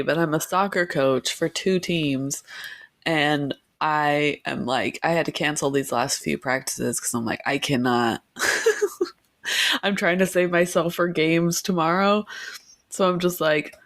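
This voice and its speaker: Gravelly-voiced woman co-hosting. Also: deep voice, measured pace, dry recording. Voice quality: gravelly from a cold. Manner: giggly, animated banter. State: sick with a cold. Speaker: podcast co-host. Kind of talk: casual chat.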